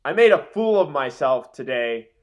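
A young man co-hosting a casual podcast chat, joking and rambling through quick asides. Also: mid-range voice, very animated, lo-fi sound, a little hiss or hum. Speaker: podcast co-host.

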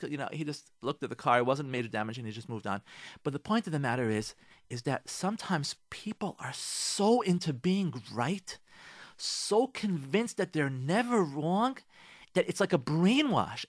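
A man's voice: fairly high pitch, big pitch swings, moderate pace, a bit bright, dry recording, studio quality. A man, a rabbi, telling stories and giving moral advice on the radio, speaking straight to his listeners.

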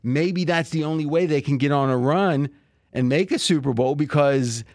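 A man's voice: on the high side, normal speed, darkish tone, no room sound, clean studio sound. A man hosting a sports betting talk show, chatting casually about football and laughing often. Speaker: sports betting podcast host.

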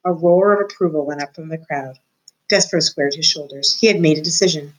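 A woman teacher reading a children's book aloud to her students in a clear, expressive, measured way. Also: low voice, rough recording.

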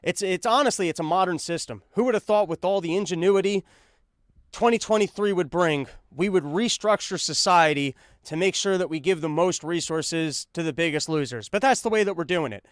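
A man's voice: sits high, brisk, dry recording, clean studio sound. A man hosting a podcast, delivering a sarcastic, rambling comedic monologue. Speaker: podcast host.

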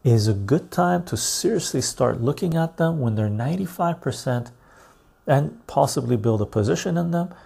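A man hosts a casual live stream, thinking aloud as he pulls up stock charts. His voice is heavily gravelly and dark, with a husky edge. He mutters while he searches and keeps checking in with his viewers. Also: medium pitch.

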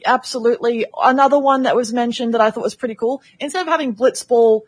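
Chatty woman with a higher voice. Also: fast. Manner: chatty, laughing easily. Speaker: community show co-host. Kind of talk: casual chat.

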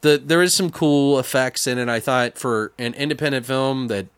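A young man chatting casually about a movie, acting out scenes in squeaky voices and swearing a lot. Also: normal speed, clear, resonant tone, no echo. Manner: animated storyteller, acts out characters in high voices, swears a lot. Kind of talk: casual chat reviewing a movie.

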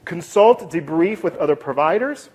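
A man giving an instructional talk on de-escalation as a clinician, lively and often dropping to a soft, calm voice to act out replies. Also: fairly high pitch, moderate pace, breathy edge.

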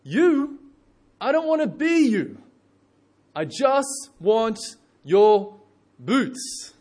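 Mocking English male ad narrator done by a preacher, much higher voice. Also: very animated, very slow, exaggerated voice. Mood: scornful. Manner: loud, mocking, dismissive.

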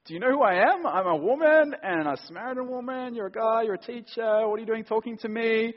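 A man acting out an incredulous adult Samaritan woman at a well, raising his voice and pitch to mock her doubts. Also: quick pace. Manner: higher, louder, mocking paraphrase. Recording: dull sound in a long-echo hall.

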